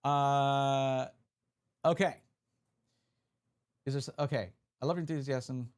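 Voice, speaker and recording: A man live-streams while opening card packs, chatting casually and reading viewer messages aloud. His mid-range voice is clean and slow with fairly even intonation, and he restarts often.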